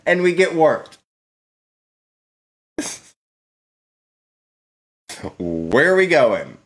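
A man's voice: on the high side, sing-song, slow pace. A man streaming a video game live, playful and exclaiming, laughing often and thanking his chat. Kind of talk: live gameplay commentary.

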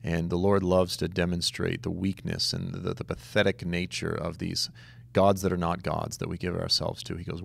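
A man teaching a conversational Bible study, telling stories in an animated, emphatic way with casual asides. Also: sits low, moderate pace, vocal fry, breathy edge, dry recording.

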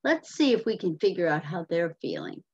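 A woman's voice: fairly low pitch, big pitch swings, moderate pace, a little mellow, breathy edge. A woman teacher reading a picture book aloud to children, patiently explaining and asking questions, on a muffled lo-fi recording.

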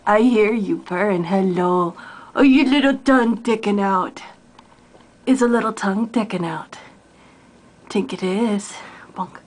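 A young woman filming her cat on the stairs at home, talking to it in sing-song baby talk and sometimes dropping to a soft whisper. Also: medium pitch, unhurried, long pauses. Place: house stairway, indoors. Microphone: handheld camera mic.

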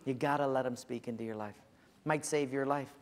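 A man's voice: mid-range voice, fairly even intonation, a little fast. A male pastor giving an earnest, conversational sermon in a large church hall.

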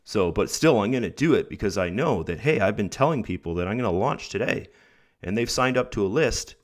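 A sick young man with a rough throat, chatting casually to his viewers as he talks them through his earnings online and keeps peppering his pep talk with "guys" and "right?". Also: lowish voice, animated, a little fast. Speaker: online income vlogger. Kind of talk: casual talk to camera over screen recording.

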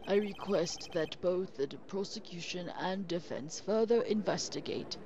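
A woman voicing a stern older male judge who speaks in a formal, measured way. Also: lowish voice, background noise, voice pushed down, close to an everyday voice. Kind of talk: voicing game dialogue.

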